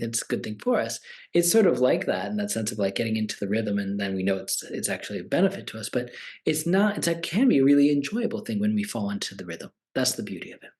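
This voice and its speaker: A man's voice: mid-range voice, darkish tone. A man in his forties, a meditation teacher, talking casually and animatedly, acting out the voices of people he quotes. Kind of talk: conversational talk.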